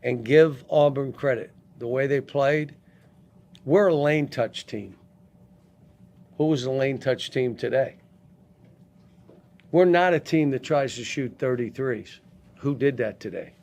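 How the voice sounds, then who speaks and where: Older male head coach, gravelly, blunt and halting, speaking into a table mic at a post-game press conference. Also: medium pitch, a little mellow. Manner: blunt, halting, frequent restarts.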